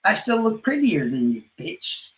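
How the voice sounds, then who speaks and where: A man's voice: high-pitched, wildly swooping pitch, unhurried, fairly bright tone, echoey room, poor audio. A man trash-talking rivals on a live stream, boastful and profane, his words often trailing off into mumbles. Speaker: livestreamer.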